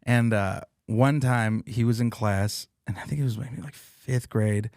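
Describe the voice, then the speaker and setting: A man's voice: mid-range voice, a little slow, a little mellow, no echo, studio quality. A man hosting a podcast in loose casual chat, swearing and laughing often. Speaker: podcast host and comedian.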